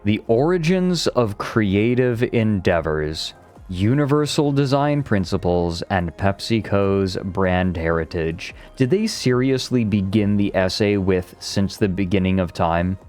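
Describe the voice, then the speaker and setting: Thoughtful low-voiced man on stream. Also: expressive, unhurried, a little mellow, faint music behind. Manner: thoughtful, nitpicky, laughing along. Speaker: streamer reading and critiquing a document. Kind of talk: casual analytical stream chat.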